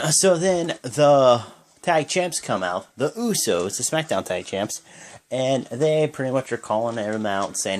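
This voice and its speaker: A man's voice: takes it slowly, a little hiss or hum. Rambling man recapping wrestling. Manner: rambling, strings events with "and then" and "pretty much"; slips into excited higher-pitched bursts on big moves. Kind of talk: casual play-by-play recap.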